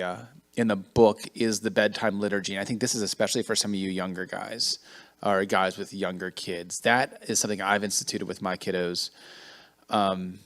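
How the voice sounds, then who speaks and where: Low-voiced sincere man in his forties. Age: 40s. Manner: warm, sincere, self-deprecating. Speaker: men's ministry leader. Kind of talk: casual group talk.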